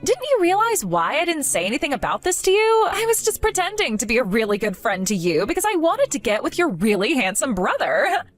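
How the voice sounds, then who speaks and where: A scripted drama villain: a scheming young woman who sneers at an old friend, played by a woman. Her voice sits on the high side and swings widely in pitch. Soft music plays underneath. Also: wildly swooping pitch, a little fast. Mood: sneering. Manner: sneering, condescending.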